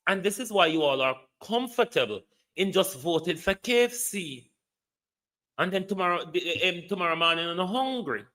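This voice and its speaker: A Jamaican man rants about politics in a bright, sharp voice pitched a little high. He scolds and mocks his listeners, switching freely into patois. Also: animated, moderate pace. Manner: scolding, mocking, drops into patois. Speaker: political commentator. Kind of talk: livestream political rant.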